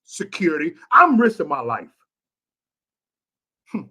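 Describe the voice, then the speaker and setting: A man's voice: a little high, wildly swooping pitch, a little slow, bright, forceful tone, slight background noise. A man from Chicago ranting bluntly and profanely on a vlog livestream, preachy and repetitive, talking to his chat viewers. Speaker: vlogger and livestream host.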